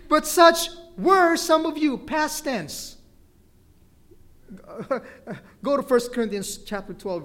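A man's voice: sits high, a little mellow. A male pastor preaching a sermon, mixing in light jokes and asking the congregation "amen?".

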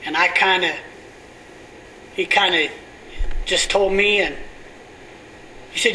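A middle-aged pastor telling a story in a sermon, often sinking to a hushed near-whisper. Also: male voice, high-pitched, unhurried, pauses often. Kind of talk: sermon testimony. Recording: distant mic with steady air conditioning hum.

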